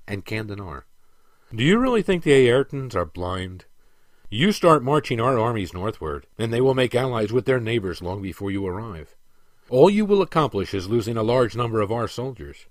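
A man reading the part of a stern aging emperor who lectures and commands with measured authority. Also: mid-range voice, animated, dry recording, clean studio sound, natural voice.

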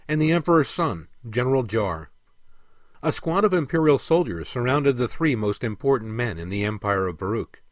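A man, the author, narrating his own fantasy audiobook in a steady, measured reading. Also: medium pitch, no room sound, studio quality.

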